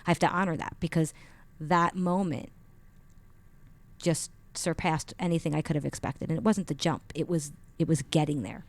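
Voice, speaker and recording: A woman guest on a podcast, telling a personal story with lively expression and acting out the dialogue. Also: low-pitched, moderate pace. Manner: expressive, acts out quoted dialogue. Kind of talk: animated storytelling in an interview. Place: radio studio. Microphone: studio microphone.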